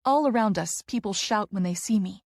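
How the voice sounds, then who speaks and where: A woman's voice: mid-range voice, moderate pace, darkish tone, no echo, studio quality. A woman narrating a first-person romance audiobook with emotional, breathless storytelling.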